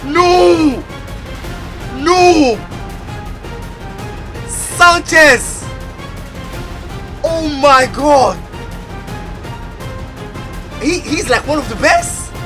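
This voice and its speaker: A man commenting on his video game pack opening, excitable and bursting into loud exclamations. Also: high voice. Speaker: gaming YouTuber.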